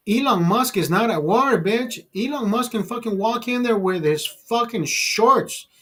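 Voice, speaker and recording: A man's voice: high voice, husky. Heated, swearing man ranting. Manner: profane, heated, repetitive restarts. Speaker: channel host. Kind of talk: political rant.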